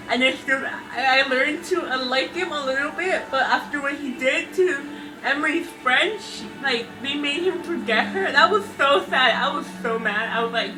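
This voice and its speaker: A young woman casually reviewing a book, gushing and excitable, with lots of fillers and restarts. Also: high voice, recorded from a distance, low-quality recording. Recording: voice off-mic with music behind.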